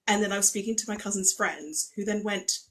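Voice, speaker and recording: A woman's voice: medium pitch, poor audio. English woman with received pronunciation. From England. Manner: storytelling, polite, measured. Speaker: livestream guest. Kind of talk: casual chat. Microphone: webcam or phone mic on a livestream.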